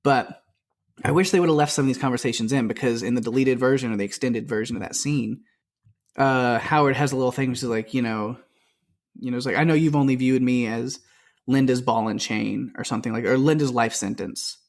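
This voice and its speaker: A man's voice: mid-range voice, brisk. Chatty man retelling film scenes. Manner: rambling, retells scenes with quoted lines. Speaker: podcast co-host. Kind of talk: casual film discussion.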